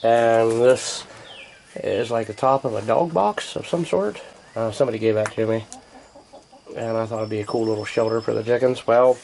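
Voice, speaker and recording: A gravelly man rambles in a laid-back drawl, muttering asides as he films on a handheld camera. He is outside in a rural yard, and crickets chirp faintly behind him. His voice sits at a middling pitch. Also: darkish tone, a little hiss or hum. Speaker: homesteading vlogger. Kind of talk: casual rambling narration. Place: outdoors in a rural yard by a chicken coop. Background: crickets and insects outdoors.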